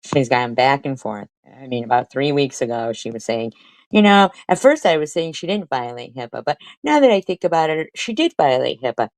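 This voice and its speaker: A middle-aged woman with a very low voice rants on her stream. She mocks and curses at a clip she plays. The sound is dry and close. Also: sing-song, a little fast, no room sound, low-quality recording. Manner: profane, mocking, talks back at a played clip. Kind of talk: heated commentary over played clips.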